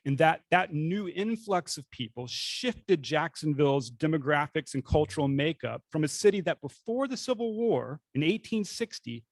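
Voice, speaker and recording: A man's voice: on the high side, dry recording. A younger man with a faint Northeast Florida Southern accent, giving a conversational slide lecture to a club and asking for the next slides. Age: young adult. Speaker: guest speaker.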